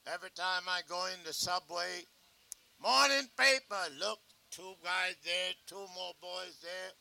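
Older New man, street newspaper seller; gravelly, bright, rambling. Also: sits high, monotone, unhurried. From New York. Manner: rambling, calls out paper cries.

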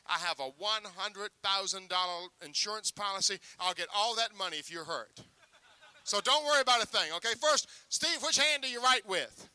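A man's voice: high-pitched, pushed and bright, dry recording. A man working as a sideshow magician, teasing a young volunteer with joking stage patter. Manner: joking, teasing showman banter.

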